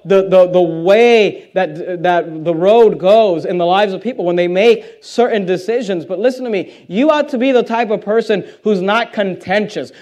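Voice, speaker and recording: A man's voice: high-pitched, a little mellow. A man preaching a sermon in a conversational way, reading scripture aloud and putting questions to the congregation.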